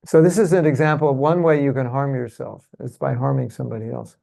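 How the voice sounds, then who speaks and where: Quick and warm, this man's mid-range voice stays fairly even in intonation and has some vocal fry. He teaches a devotional seminar to a live temple-hall audience, leaning on rhetorical questions like "isn't it?" and having the room echo phrases back in call-and-response.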